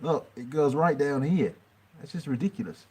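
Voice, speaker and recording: A middle-aged Yorkshire man who hosts a mechanic channel answers viewers in a rambling livestream Q&A from his workshop. His voice is mid-range with a breathy edge and a dark tone, lively in intonation, at normal speed.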